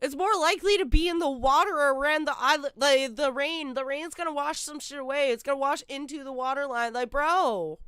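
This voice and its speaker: A woman's voice: high-pitched, brisk, hardly any pauses, fairly bright tone, no room sound. A woman streaming live, reacting to a video with blunt, profane, sarcastic commentary into a close mic.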